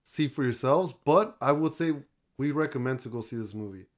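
Casual male co-host, conversational movie reviewer, filler-heavy, relaxed delivery. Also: mid-range voice, normal speed. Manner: chatty, retells plots with fillers. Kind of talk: casual chat.

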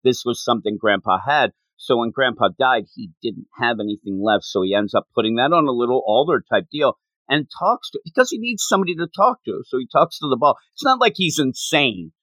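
A man co-hosting a podcast, talking casually about a manga, animated and laughing often as he acts out lines. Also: mid-range voice, brisk, no room sound. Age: adult. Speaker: podcast co-host.

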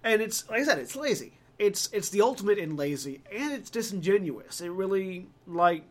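A man's voice: high voice, animated, normal speed. A man from Georgia in the US, chatting casually on a podcast, rambling with fillers and restarts. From Georgia, USA. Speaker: podcast host.

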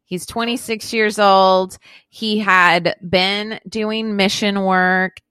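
A woman's voice: mid-range voice, steady tone, slow pace, bright, forceful tone, clean tone, no room sound. A woman hosting a podcast, casually telling a story in a profane, rambling way with lots of fillers. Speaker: podcast host.

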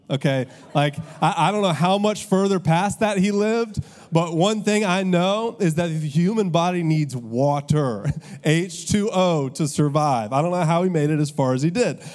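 A man's voice: a little high, darkish tone. A man preaching a sermon as pastor, telling stories with casual asides to the congregation. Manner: conversational storytelling, audience asides.

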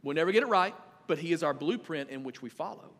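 Man pastor, animated sermon, high voice, long church-hall reverb. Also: fast. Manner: animated and conversational, swings from loud to quiet. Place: church sanctuary.

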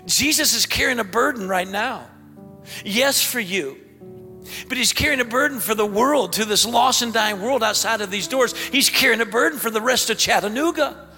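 A man preaching a sermon as pastor, excitable and bursting into shouts, in a large church hall. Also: very high voice, moderate pace, soft background music.

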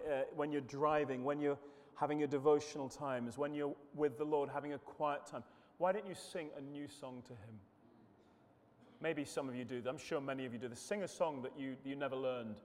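Earnest preacher in a reverberant church. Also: male voice, fairly high pitch, steady tone, darkish tone. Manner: earnest, halting with repeated words and fillers. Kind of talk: sermon walking through psalms.

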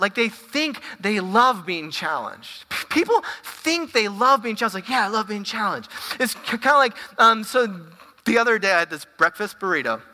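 Woman pastor, casual sermon, very bright voice, stumbling repeats, long hall reverb. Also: on the high side. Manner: casual, animated, stumbling repetitions.

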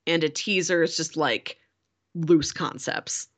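A woman co-hosting a casual podcast chat, relaxed and filling her talk with "like". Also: low-pitched, takes it slowly. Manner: relaxed, frequent "like" fillers. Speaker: podcast co-host.

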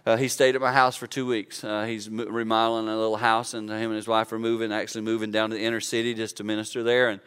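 A man's voice: lowish voice, level tone, fast talker, few pauses, a bit bright, clear, resonant tone. A man in his fifties preaching an earnest, conversational sermon, acting out quotes to make his point. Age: 50s. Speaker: pastor.

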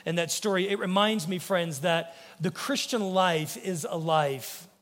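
An American man preaches from the pulpit with a fairly high voice. He speaks earnestly and lets his voice fall soft and low whenever he voices a quotation. The sanctuary gives his words a long, ringing reverb. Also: measured pace. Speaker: pastor. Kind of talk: sermon. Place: church sanctuary.

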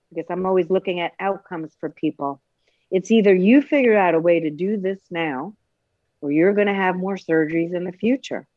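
A woman hosting a casual health show about kidney stones. She talks in an animated, joking way and acts out voices. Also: lowish voice, no echo, highs cut off. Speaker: host, kidney stone prevention practitioner.

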